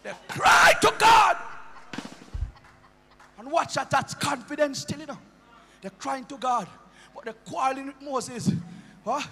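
A Jamaican bishop preaching a sermon in a church, his impassioned delivery rising into chanted shouts. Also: very high voice, expressive, measured pace, creaky, pauses often, long reverb tail, faint music behind. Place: church sanctuary.

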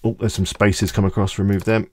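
A man hosting a screen-recorded software tutorial, talking casually and thinking aloud as he clicks through each step. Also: fairly low pitch, level tone, fairly quick, dry recording, studio quality. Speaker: tutorial host.

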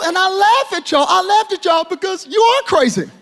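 A man preaching as a pastor, playful and animated, joking with the congregation and swinging from loud bursts to hushed tones. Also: very high voice, moderate pace, gravelly. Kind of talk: lively sermon. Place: church auditorium.

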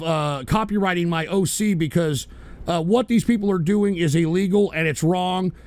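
A man hosts his call-in stream in a rambling, profane way. His voice sits high for a man and swings wildly in pitch. He flares up quickly when provoked. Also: no room sound. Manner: hot-tempered, swearing, rambling. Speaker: internet radio host.

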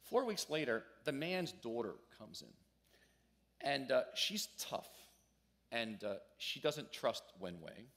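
Preaching in a church, a male pastor with a mid-range voice tells a story conversationally and slowly. His pitch swings widely, rising to loud emphasis at key points.

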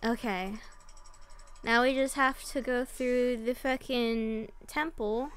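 A woman's voice: fairly high pitch, slow, fairly bright tone, clean tone. A woman hosting a let's play, chatting playfully with viewers and swearing freely as she plays. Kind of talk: casual gameplay commentary.

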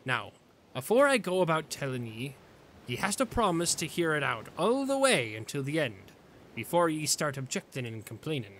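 A gruff, salty pirate captain growls his orders in a rough drawl, voiced by a man reading game dialogue. The voice swoops lively up and down, with a faint rumble of noise behind it. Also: normal speed. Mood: scheming.

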